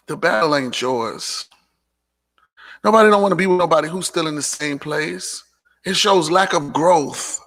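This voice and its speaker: Gravelly, emphatic man preaching self-respect. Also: a little high, normal speed, fairly bright tone. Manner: preachy and emphatic, repeats lines for punch, sassy asides. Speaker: host of a live motivational talk show. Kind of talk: live motivational monologue.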